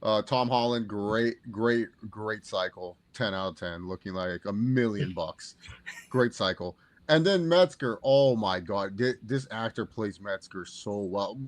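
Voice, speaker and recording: A man's voice: on the low side, a little slow, no room sound. A man co-hosting a casual movie review podcast, talking with energy, laughing and quoting characters as he goes. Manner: animated, laughs often, quotes characters. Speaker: podcast co-host.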